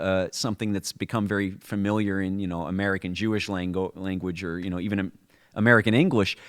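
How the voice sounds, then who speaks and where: A man co-hosting a podcast, explaining a holiday story in a conversational, storytelling way with frequent restarts. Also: lowish voice. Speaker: podcast co-host.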